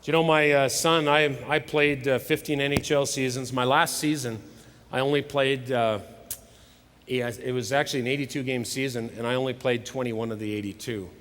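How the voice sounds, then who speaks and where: A middle-aged man giving a motivational sermon at a conference, telling stories dramatically and swinging between loud and hushed delivery. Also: mid-range voice, steady tone, moderate pace. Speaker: conference speaker. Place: large hall with live audience. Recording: live hall recording with long reverb.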